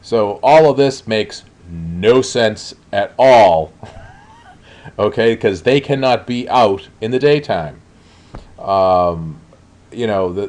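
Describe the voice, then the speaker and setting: A man's voice: fairly low pitch, darkish tone. A man reviewing a show in a blunt, exasperated way, with frequent ums and uhs. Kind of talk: spoken review.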